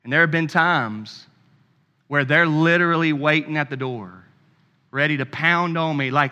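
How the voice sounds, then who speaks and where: A man's voice: on the high side, moderate pace, pushed and bright, clean tone, big-room sound, dull audio. A man preaching a sermon as pastor, emphatic and impassioned, with conversational asides to the congregation.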